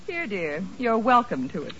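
A woman's voice: fairly high pitch, huge pitch swings, unhurried, a bit bright, heavily acted. An actress playing a prim, huffy mother in a 1940s radio sitcom, in a muffled old broadcast with faint hiss. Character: prim indignant mother Mrs. Morris.

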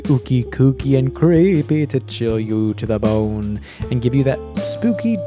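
A man with an American accent hosting a podcast in a playful, jokey way, full of puns. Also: mid-range voice. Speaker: podcast host.

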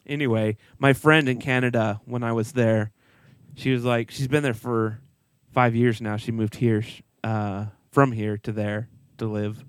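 A man's voice: medium pitch, steady tone, a little slow, clear, resonant tone, no room sound. A man from Texas co-hosting a casual podcast chat, playful and laughing often, sometimes slipping into mocking voices. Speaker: podcast co-host.

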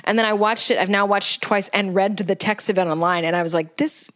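A woman's voice: mid-range voice, fairly even intonation, quick pace, fairly bright tone. A woman in casual podcast chat, dissecting a show's plot beat by beat. Her tone is wry and analytical, and she laughs easily as she goes. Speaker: podcast co-host.

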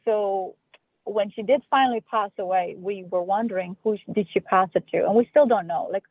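A woman's voice: medium pitch, a little fast, husky, no echo. Woman on a tinny phone line. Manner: earnest, with many restarts. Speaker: filmmaker guest. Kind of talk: phone-in radio interview.

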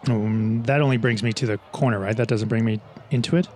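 A man's voice: medium pitch, fairly even intonation, fairly quick, a little mellow, slight background noise. A man playing a tabletop game, thinking his moves through aloud and checking the rules. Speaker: player. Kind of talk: describing his characters' actions.

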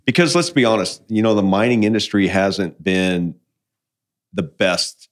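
A low-pitched man from the mining industry who talks casually on a podcast. He tells folksy stories and slips into quoting what people said to him. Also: a little slow. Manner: folksy storyteller, quotes people in conversation. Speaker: mining guest.

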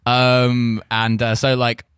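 A man's voice: medium pitch, monotone, takes it slowly, a bit bright, clean tone, no echo. English man, comedian guest, rambling anecdotes, swears a lot, dry close sound. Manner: rambling, swears freely, acts out quotes. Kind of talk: casual podcast chat.

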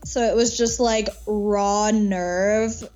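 A woman guest in a casual interview telling a long story, animated, laughing often and swearing casually. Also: mid-range voice, slow pace, dull audio. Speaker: podcast guest.

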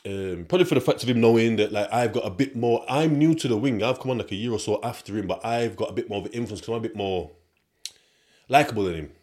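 A young man from the UK tells a casual, rambling story on his podcast, using street slang and addressing listeners in asides. His voice is fairly low and darkish, and he talks quickly.

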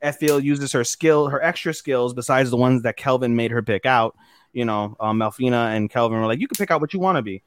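A man's voice: medium pitch, clean tone, no room sound, clean studio sound. Profane young man recapping anime. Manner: rambling, profane, acts out character lines in quick voices. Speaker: podcast co-host.

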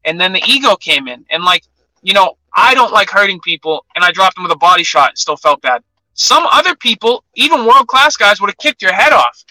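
A man's voice: high-pitched, a little fast, no echo, poor audio. A young man, an MMA fighter, telling a sparring story in a casual interview, acting out what people said. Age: young adult. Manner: animated anecdote-telling, acts out quotes.

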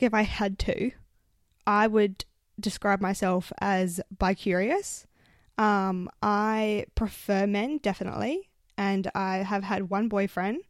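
A woman's voice: medium pitch, no echo, clean studio sound. A woman, telling stories in a casual, chatty way, swearing often and filling with "like", into a handheld mic. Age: 20s. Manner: chatty, swears a lot, lots of fillers. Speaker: vlogger. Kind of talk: casual storytelling. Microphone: handheld microphone.

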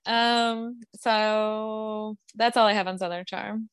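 A woman's voice: mid-range voice, fairly even intonation, slow pace, clean tone, no room sound. A woman co-hosting a podcast, chatting frankly and casually with lots of fillers. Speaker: podcast co-host. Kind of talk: casual chat about reality TV.

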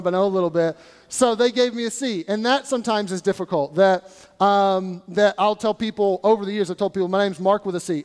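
A man's voice: high-pitched, clean tone. A male pastor preaching a sermon in a conversational way, asking his congregation rhetorical questions. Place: church sanctuary. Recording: church hall reverb.

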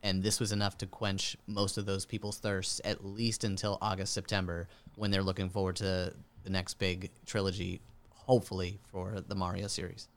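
A man co-hosting a gaming podcast, chatting in a relaxed, opinionated way with plenty of fillers. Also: deep voice, moderate pace. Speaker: podcast co-host. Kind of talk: casual gaming podcast chat.

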